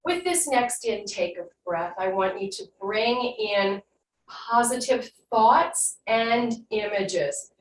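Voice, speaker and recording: Slow-spoken woman leading a fitness class. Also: on the high side, recorded from a distance. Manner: calm guiding cues, then slow soothing breath work. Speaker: fitness instructor. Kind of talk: live online fitness class instruction. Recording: echoey room, voice from off-mic, faint hum.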